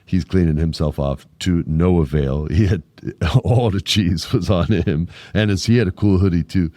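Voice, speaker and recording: A man's voice: deep voice, normal speed, warm tone, no room sound. A man in his forties hosting a podcast, telling a story casually and with animation, with jokes and crude asides. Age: 40s. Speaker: podcast host.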